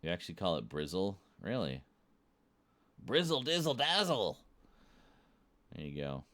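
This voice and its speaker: A very deep British man with an unhurried drawl chats playfully with his viewers. His pitch swings widely as he jokes and chuckles between remarks, a relaxed stream host with a British accent. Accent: British English. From Britain. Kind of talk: casual chat with chat readers.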